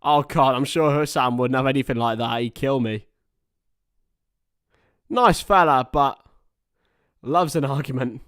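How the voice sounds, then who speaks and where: A man's voice: medium pitch, a little slow, long pauses, fairly bright tone. A man giving casual, chatty live commentary on a football match while talking to his viewers. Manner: chatty, reacts to viewer chat between play-by-play.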